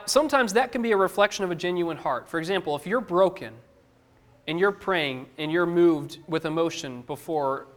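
High-voiced man preaching a sermon. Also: a bit bright. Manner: earnest, conversational, asks the listeners direct questions.

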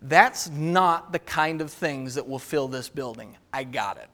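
A man's voice: mid-range voice, unhurried, bright, forceful tone. A man preaching a sermon as pastor, asking the congregation rhetorical questions and acting out the voices of the people he quotes.

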